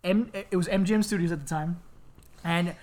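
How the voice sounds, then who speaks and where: A man from Miami telling a family story in casual chat, animated and laughing, slipping into squeaky voices to act people out. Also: moderate pace.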